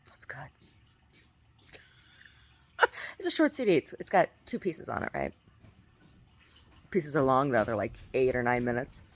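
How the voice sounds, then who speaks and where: Giggly woman rambling away on her vlog, low voice but super swoopy. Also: pushed and bright. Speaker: vlogger. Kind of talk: casual chat.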